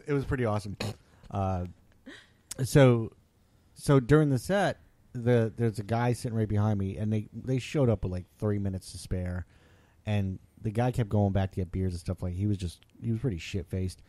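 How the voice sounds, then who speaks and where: A man hosting a podcast, telling a story in a casual, animated way and acting out what people said. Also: fairly low pitch, no room sound. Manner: animated, acts out quoted voices, laughs often. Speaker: podcast host.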